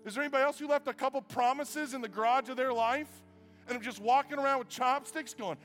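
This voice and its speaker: A man with a high, bright voice preaching to a church congregation, animated and joking at his own expense, dropping to quiet asides and rising to loud bursts. His voice rings with a long hall reverb, and soft instrumental music plays faintly behind. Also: fast. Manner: animated and self-mocking, swings from quiet asides to loud shouts. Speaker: pastor. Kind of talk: sermon.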